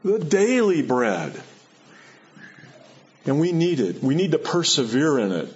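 A man's voice: on the high side, sing-song, unhurried. A man giving a sermon in an earnest way, repeating key phrases and letting his voice rise and drop for emphasis. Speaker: preacher. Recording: dull lo-fi sound.

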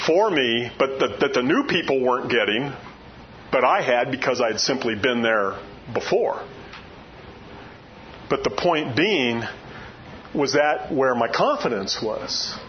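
A man's voice: mid-range voice, highs cut off, a little hiss or hum. An older man preaching a sermon in a folksy way, full of rhetorical questions.

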